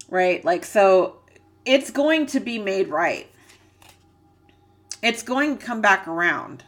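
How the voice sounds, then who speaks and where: A psychic reader gives a channeled reading, earnest and emotional, rambling as she searches for words and leans on many fillers. Her medium-pitched voice sounds pushed and bright.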